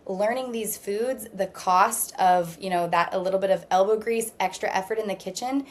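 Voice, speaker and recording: A woman speaking as a nutrition practitioner guest in an interview, explaining things in a steady, reassuring way at length. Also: mid-range voice, moderate pace. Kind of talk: calm explanatory interview talk.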